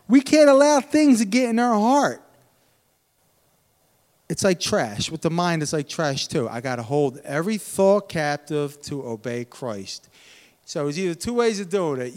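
A man preaching a sermon who swings between shouted exhortation and low, earnest teaching, repeating phrases and asking the congregation questions. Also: big-room sound.

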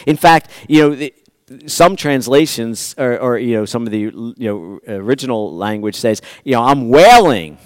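A man preaching a sermon, swinging between loud pleading lines and quiet, hushed asides to the congregation. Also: medium pitch, animated, normal speed, dry recording. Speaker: pastor.

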